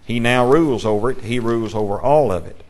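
A man leads a Bible class at a steady, even pitch. He asks his students questions and reads scripture aloud in between. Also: fast.

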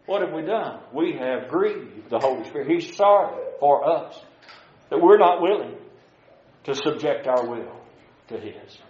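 A man preaching a sermon in a folksy manner, rising to loud emphasis and dropping to quiet asides. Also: fairly high pitch, expressive, moderate pace. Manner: folksy, swinging between loud emphasis and soft drops. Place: church. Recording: echoey church room, dull lo-fi sound.

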